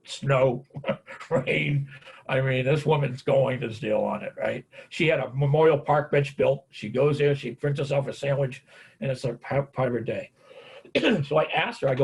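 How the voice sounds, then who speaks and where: Folksy man with a gravelly, husky voice. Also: medium pitch, moderate pace. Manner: folksy storyteller, repeats "man, on it". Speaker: caregiving speaker. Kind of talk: webinar talk with anecdotes.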